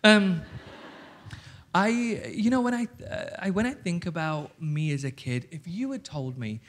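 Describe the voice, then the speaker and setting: Man in his thirties, candid guest storyteller on stage, lively, swears freely, voice sits a touch high. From South Yorkshire, England. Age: 30s. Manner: animated, swears freely, quick asides. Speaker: author and guest. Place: stage before an audience.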